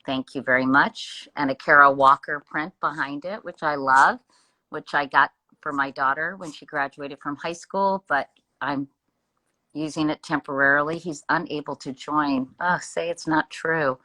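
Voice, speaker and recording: A woman hosting a casual live-streamed interview, chatty and quick to apologize for interrupting. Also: sits low, steady tone, bright, forceful tone, poor audio. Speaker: host. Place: home room with Christmas tree.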